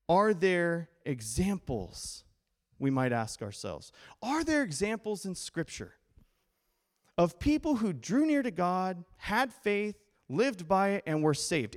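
Lively, animated male pastor preaching. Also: high-pitched, slow pace. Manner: animated, playful, acts out quoted voices. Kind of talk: sermon.

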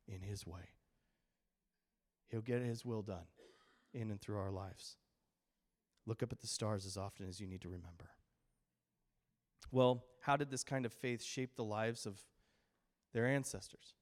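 A middle-aged male pastor preaching a sermon, telling stories and acting out quotes with animation. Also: lowish voice. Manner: animated storytelling with acted-out quotes.

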